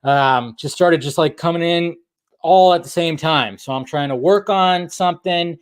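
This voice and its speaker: A man's voice: fairly high pitch, moderate pace, clear, resonant tone. A young man hosting a casual live stream, chatting in a rambling way and talking straight to viewers in the chat. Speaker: host.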